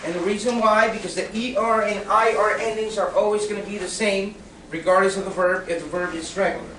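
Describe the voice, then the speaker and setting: A man's voice: sits high, fairly even intonation, fairly quick, fairly bright tone, slight background noise. A man teaching a Spanish grammar lesson to a class, patient, often checking understanding with "okay?" and questions. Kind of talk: classroom lecture. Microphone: recorded from across the room. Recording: echoey classroom from a distance.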